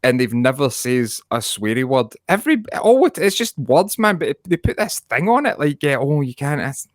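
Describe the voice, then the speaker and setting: A man's voice: mid-range voice, very animated, moderate pace, no echo, studio quality. A man co-hosting a podcast in casual chat, sweary and rambling, laughing often. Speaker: podcast co-host.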